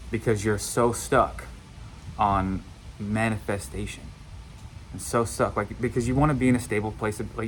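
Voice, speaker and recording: A man's voice: fairly low pitch, fairly bright tone, a little hiss or hum, poor audio. A man giving a casual motivational monologue as a manifestation coach, blunt and repetitive, swearing now and then.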